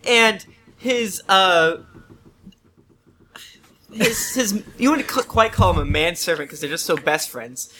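A man chatting casually as a tabletop game player, rambling with halting restarts. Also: sits high, expressive, background noise. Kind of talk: casual chat.

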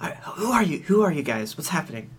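A man's voice: a little high, big pitch swings, quick pace, background noise. A man playing a tabletop game, teasing and heckling the other players. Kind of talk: casual tabletop game banter.

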